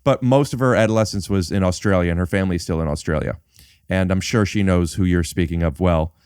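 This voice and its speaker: A man's voice: deep voice, fast talker, a little mellow, smooth, no echo, clean studio sound. A man hosting a podcast who asks curious questions and often stops and restarts in a casual chat. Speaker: podcast host.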